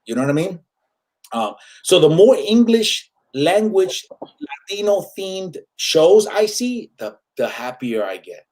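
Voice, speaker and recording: Man, comedian guest, slightly high voice, animated, Spanish-English code-switching. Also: measured pace. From Puerto Rico. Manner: animated, switches between Spanish and English, acts out quoted people. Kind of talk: casual interview chat.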